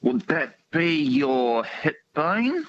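A man's voice: a little high, big pitch swings, very slow, a bit bright. An Australian man calling in to a radio quiz, playful and putting on silly voices. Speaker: caller. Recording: muffled phone line with hiss.

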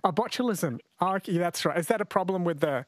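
A man's voice: high-pitched, lively intonation, fast, no room sound. A man with an Australian accent hosting a radio quiz, chatty and jokey. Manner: chatty, jokey, laughs often. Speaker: radio host. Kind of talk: radio talk show hosting. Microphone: studio mic.

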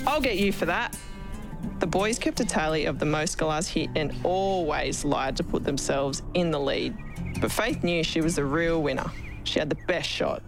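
A woman with an Australian accent, a cricketer, reading a children's story aloud in a lively, expressive way. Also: low voice. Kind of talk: storybook narration. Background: background music.

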